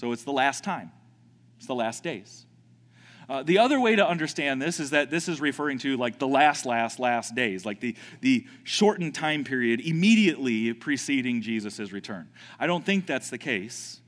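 A man preaching a sermon, animated, often repeating words and acting out panicked voices. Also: mid-range voice, moderate pace, in a large hall. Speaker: pastor.

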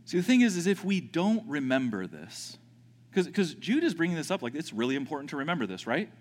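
A man preaching a sermon, animated, often repeating words and acting out panicked voices. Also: fairly high pitch, fairly quick, big-room sound. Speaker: pastor.

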